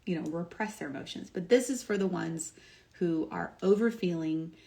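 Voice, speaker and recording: A woman's voice: fairly low pitch, moderate pace, vocal fry, mellow. A young adult woman, a doctor and wellness coach, talking casually on a livestream, upbeat and emphatic with lots of "like" and "um". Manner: upbeat and emphatic, filler-heavy with frequent "like" and "um". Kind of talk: casual motivational talk on a livestream.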